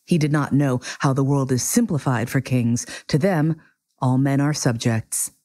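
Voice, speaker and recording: A woman reading a children's book aloud in an animated, theatrical way. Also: rumbling low, measured pace, no room sound. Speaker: reader. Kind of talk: expressive storybook reading.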